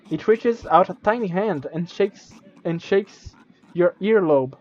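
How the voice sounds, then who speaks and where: A man's voice: sits high, expressive, slow pace, a little mellow, no echo, highs cut off. A man streaming, reading a gamebook aloud with stumbles, restarts and casual asides. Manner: reads with stumbles and self-corrections, casual asides.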